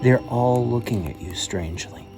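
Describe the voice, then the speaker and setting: A man's voice: mid-range voice, normal speed. Rambling man walking through a game. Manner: rambling, full of "like" and "um". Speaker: game designer presenting his paper game. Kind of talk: casual walkthrough. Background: background music.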